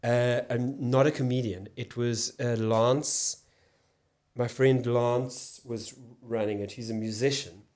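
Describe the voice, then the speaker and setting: A man's voice: medium pitch, takes it slowly. A man, a guest in a podcast interview who tells long rambling stories and often breaks off mid-sentence. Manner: relaxed, rambling, self-interrupting. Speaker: podcast guest, actor and comedian. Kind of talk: casual storytelling chat.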